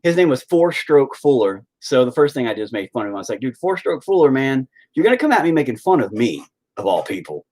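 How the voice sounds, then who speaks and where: A young man chats casually on a live stream, crude and joking as he rambles to his viewers. His pitch swoops widely and now and then jumps into loud, high exclamations. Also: very animated, fast talker. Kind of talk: casual chat.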